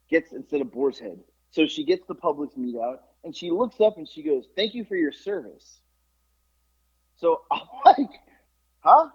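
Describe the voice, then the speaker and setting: A man co-hosting a podcast, telling a casual story with swearing and acted-out quotes. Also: husky. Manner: animated, swears, quotes people in lowered voices. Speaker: podcast co-host. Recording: muffled lo-fi podcast audio.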